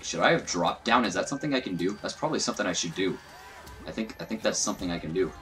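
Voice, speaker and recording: A man's voice: low voice, rapid-fire, fairly bright tone, faint music behind. A young man giving casual, profane, self-mocking commentary while playing a video game. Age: young adult. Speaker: gaming YouTuber. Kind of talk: let's play commentary.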